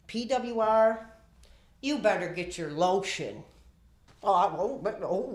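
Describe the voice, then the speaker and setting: A man's voice: high voice, animated, slow, long pauses, roomy sound. Rambling, sighing man ranting on stream. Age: 30s. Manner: rambling, dramatic, sighing, stammering restarts. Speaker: livestreamer. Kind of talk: rambling comedic livestream rant.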